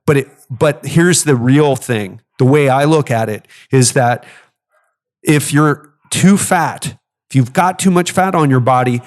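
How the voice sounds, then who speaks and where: Earnest male podcast host pitching listeners. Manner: earnest and persuasive, repeats key phrases. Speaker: podcast host and fitness coach. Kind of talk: solo podcast monologue.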